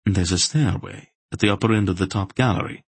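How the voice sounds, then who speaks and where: A man reading the hushed, murmured lines of a sly young male thief in an audiobook. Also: low voice, fairly quick, husky, no echo.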